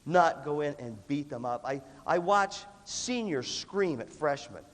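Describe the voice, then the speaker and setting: A man giving an animated live motivational talk to students, often coughing and acting out voices. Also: fairly high pitch, unhurried. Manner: animated, acts out quoted voices, coughs between phrases. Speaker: motivational leadership speaker. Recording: reverberant hall recording, faint background noise.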